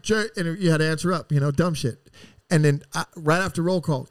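Profane, rambling man with a higher voice. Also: a little fast, no echo, clean studio sound. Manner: profane, rambling, acts out quotes. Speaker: podcast guest. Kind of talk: casual storytelling.

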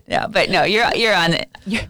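A woman hosting an interview show, relaxed and often soft-spoken in her replies. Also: medium pitch, moderate pace, no echo. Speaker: podcast host. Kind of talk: casual interview chat.

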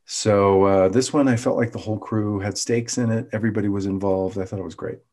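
A man's voice: lowish voice, steady tone, brisk, darkish tone. A man co-hosting a podcast in casual chat, enthusiastic and rambling, often restarting his sentences. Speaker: podcast co-host.

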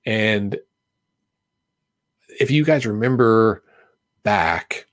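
A man's voice: on the low side, lively intonation, extremely slow, no room sound. A man hosting a podcast, explaining political news in a loose, rambling way with many fillers. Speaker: podcast host. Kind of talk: casual political chat.

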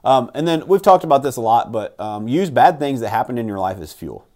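A man's voice: medium pitch, very animated, fairly quick, mellow. A man hosting a casual motivational talk, emphatic and blunt, who swears and keeps asking "right?".

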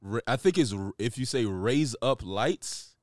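A man's voice: mid-range voice, lively intonation, a little slow, dry recording, studio quality. A man co-hosting a casual podcast, slangy and laughing often, with swearing. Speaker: podcast co-host.

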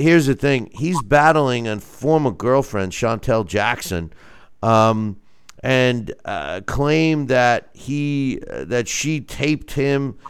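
A man hosting a casual sports talk show, speaking animatedly and wryly, with halting fillers. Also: medium pitch, clean tone. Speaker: host. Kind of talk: casual sports radio chat.

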